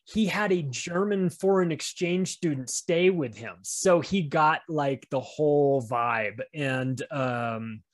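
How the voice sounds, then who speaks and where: A man's voice: a little high, takes it slowly, hardly any pauses. A man chatting on a podcast, telling rambling stories with lots of restarts. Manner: rambling, animated storytelling with frequent restarts. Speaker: podcast guest. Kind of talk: casual podcast chat.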